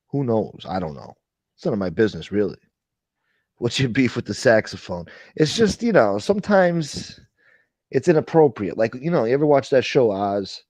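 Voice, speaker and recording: A man's voice: lowish voice, darkish tone, no room sound. A man hosting a casual late-night livestream chat, rambling and swearing as he reads and answers viewer comments. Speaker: livestream host.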